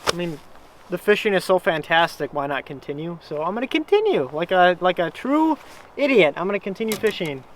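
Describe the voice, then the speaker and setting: A man's voice: high-pitched, sing-song, fairly quick, slight background noise. A young man vlogging from a small boat on a lake, chatty and self-deprecating, explaining how he is fishing. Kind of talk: casual fishing vlog commentary. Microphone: action camera on his chest.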